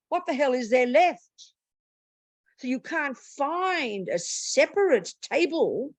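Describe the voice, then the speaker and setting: A woman's voice: high voice, no room sound. A woman, a Buddhist nun, teaching a meditation retreat in a blunt, plain-spoken and humorous way.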